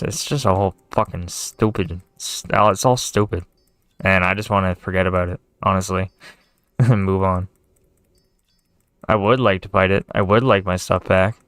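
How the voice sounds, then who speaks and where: A lowish male voice in a loose, profanity-laced rant, with sarcastic asides and exasperated sighs. Faint music plays quietly behind him. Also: fairly even intonation, moderate pace, smooth, no echo, studio quality. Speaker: gaming video creator. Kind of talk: casual rant to camera.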